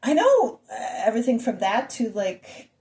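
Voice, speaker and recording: A woman's voice: on the high side, big pitch swings, moderate pace, mellow. A woman ranting to her viewers in a rambling monologue full of rhetorical questions and asides. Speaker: vlogger.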